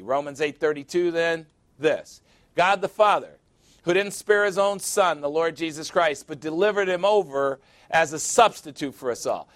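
A man's voice: a little high, normal speed, no room sound. A middle-aged man preaching a sermon, building to emphatic calls. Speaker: pastor.

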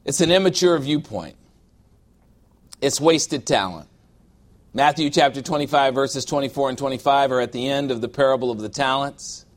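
A man's voice: mid-range voice, moderate pace. Man preaching in a conversational style. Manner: conversational preaching, mimics whiny believers, asks for amens. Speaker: pastor. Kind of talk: sermon.

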